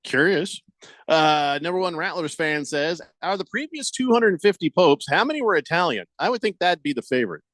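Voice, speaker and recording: A man's voice: on the high side, animated, brisk, fairly bright tone, no echo, studio quality. Wry rambling male radio host. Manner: rambling, wry, reads listener chat comments aloud. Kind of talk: casual sports radio chat.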